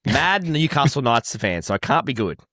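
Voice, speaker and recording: A man's voice: mid-range voice, big pitch swings, moderate pace, sharp tone, dry recording, studio quality. Laid-back Australian male co-host. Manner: laid-back, reading out messages. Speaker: podcast co-host. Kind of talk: casual chat.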